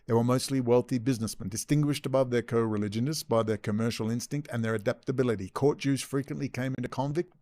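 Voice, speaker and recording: A man's voice: medium pitch, fast talker, few pauses, mellow. A man hosting a commentary video, reading texts aloud with sarcastic asides. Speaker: video host.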